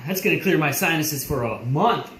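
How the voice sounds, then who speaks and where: A man's voice: fairly high pitch, animated, moderate pace, fairly bright tone, a little hiss or hum. A man sneezing and tearing up between exclamations while vlogging at home. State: sneezing, teary-eyed. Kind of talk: casual home vlog. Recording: echoey room.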